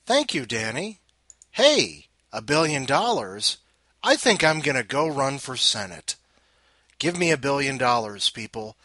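A man hosting a podcast, tired and sarcastic, swinging from loud outbursts to muttering. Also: medium pitch, sing-song, moderate pace. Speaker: podcast host. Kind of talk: casual rant.

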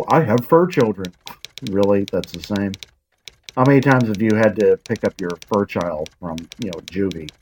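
Very deep-voiced woman rambling casually. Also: darkish tone, slight background noise, rough recording. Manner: self-deprecating, wandering, frequent asides; blunt, occasionally swears. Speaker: channel host.

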